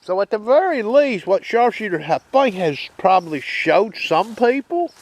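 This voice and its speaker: His voice sits high and swings widely in pitch, moving at a moderate pace against background noise and loud detector tones. A metal detecting host, he walks viewers through his detector in a down-home way, checking in with them throughout.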